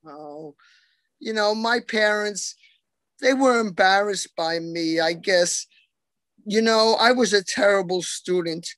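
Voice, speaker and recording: A man from New York doing deadpan, self-mocking stand-up one-liners over a video call. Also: high voice, takes it slowly, no echo. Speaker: comedian.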